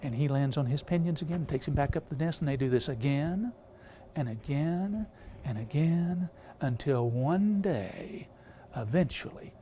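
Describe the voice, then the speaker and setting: A man's voice: a little high, expressive, unhurried, dark tone, slight background noise. A man preaching a storytelling sermon, rambling with many filler sounds and restarts.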